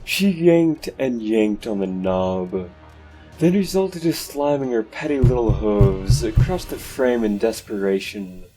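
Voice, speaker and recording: A man narrating a horror story slowly and dramatically. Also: fairly low pitch, expressive, over music. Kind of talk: dark horror story reading.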